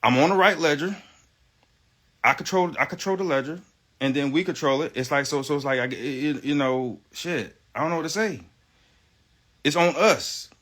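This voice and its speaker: Man delivering a rambling, profane livestream rant; bright, tense delivery, insistent. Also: fairly high pitch, moderate pace. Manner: rambling, profane, repeats himself; emphatic, insistent.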